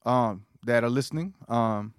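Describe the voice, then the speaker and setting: A man's voice: medium pitch, a little slow, smooth, no echo, studio quality. Rambling, joking male podcast host. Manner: rambling, joking, lots of fillers. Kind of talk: casual podcast chat.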